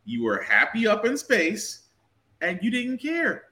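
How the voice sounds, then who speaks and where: A man's voice: high-pitched, wildly swooping pitch, measured pace, pushed and bright. A man co-hosting a casual chat, emphatic and storytelling, swearing for effect. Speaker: podcast co-host.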